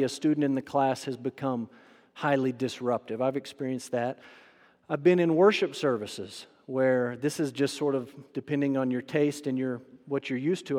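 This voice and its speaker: A man preaching a sermon in a church worship center, animated and acting out quoted voices with sudden loud outbursts. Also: on the high side, big-room sound. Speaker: pastor.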